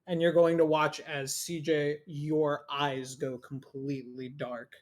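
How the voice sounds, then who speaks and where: A man running a tabletop game as game master, narrating slowly. He swears often and gets excited as the scene unfolds. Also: on the high side. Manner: profane, excitable, laughing.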